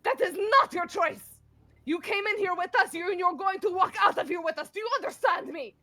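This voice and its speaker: A woman voicing a protective, grieving woman fighter who shouts and pleads through tears. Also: very high-pitched, brisk, pitched above the performer's own voice. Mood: pleading, furious.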